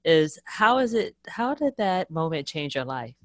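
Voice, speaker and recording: A woman hosting an interview over a video call, measured, with small restarts. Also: deep voice, very animated, no echo. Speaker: interview host. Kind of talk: interview questions.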